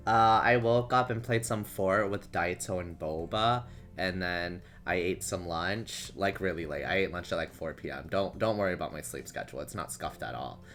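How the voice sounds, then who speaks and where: A man's voice: fairly low pitch, sharp tone. A young man streaming, reading a story aloud and chatting in a playful, self-mocking way.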